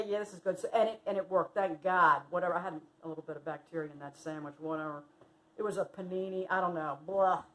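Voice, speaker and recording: Animated woman telling a story. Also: fairly high pitch, rough recording. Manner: animated, acts out quotes loudly. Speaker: vlogger sharing memories of a friend. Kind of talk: casual storytelling.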